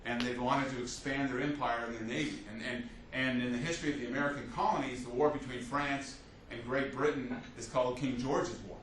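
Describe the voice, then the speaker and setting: A man teaching a history class as a lecturer, telling the story with lively restarts and fillers. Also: mid-range voice, brisk, hardly any pauses. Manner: animated storytelling with many restarts. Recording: echoey classroom from a distance, faint hiss.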